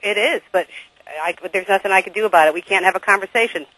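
Woman, radio caller, bright tense voice, husky edge, wry jokes. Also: medium pitch, dry recording, rough recording. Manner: wry, quick with a punchline. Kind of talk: joking call-in banter.

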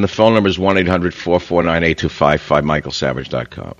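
A man's voice: brisk, dry recording. An older man hosting a talk radio show, delivering a combative, mocking monologue. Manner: combative, mocking, sweeping pitch jumps.

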